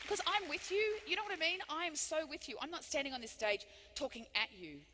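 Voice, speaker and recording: Brief: high, bright woman as a motivational keynote speaker, emphatic and animated, big hall reverb. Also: a little fast. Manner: animated and emphatic, with big swings from loud to hushed. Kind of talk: live keynote speech. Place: large hall before thousands of people.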